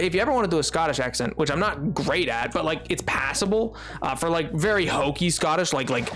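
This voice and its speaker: A man's voice: on the high side, animated, fairly quick, few pauses, a bit bright, soft background music. A young man streaming a game, chatting casually and rambling with many fillers. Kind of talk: casual live-stream chat.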